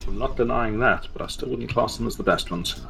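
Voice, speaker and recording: A man in a gaming voice chat with a dry sarcastic wit, calmly explaining team plans. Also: mid-range voice, fairly quick, creaky, a little hiss or hum, low-quality recording. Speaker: gamer organizing a team campaign.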